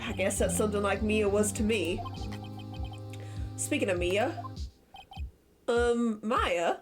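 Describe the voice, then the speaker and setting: A woman's voice: mid-range voice, expressive, slow pace, music in the background, pitched below the performer's own voice. A woman voicing a dry-witted young male defense lawyer in a plain, wry read.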